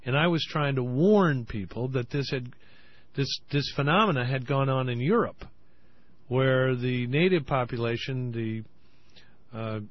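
A man's voice: mid-range voice, measured pace, dry recording, dull audio. A man in a played interview clip, talking earnestly with many ums and uhs. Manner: hesitant, many fillers, earnest. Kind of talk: interview talk.

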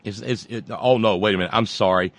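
A man's voice: on the low side, quick pace, fairly bright tone, dry recording. Sarcastic profane Southern man ranting. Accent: Southern American. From Southern United States. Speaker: political commentator. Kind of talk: monologue rant.

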